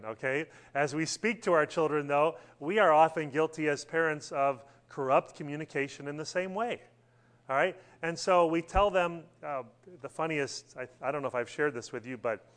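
A man's voice: fairly high pitch, moderate pace, fairly bright tone. Man teaching a church Bible class. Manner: conversational, asks the class questions, many fillers.

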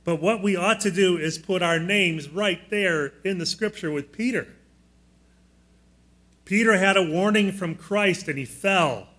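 A male pastor preaching a sermon in a slightly raised, clear voice. He is plainspoken and teacherly, steadily asking his listeners questions. He walks them through the blanks in their sermon notes. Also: sits high, measured pace, bright, forceful tone. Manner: plainspoken, asks the congregation frequent questions.

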